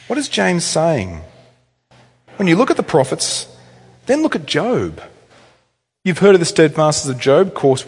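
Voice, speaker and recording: A male pastor preaching a sermon in a church, telling stories in a chatty, animated way with offhand asides. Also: a little high, slightly rough. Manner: animated storytelling, conversational asides. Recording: echoey hall reverb.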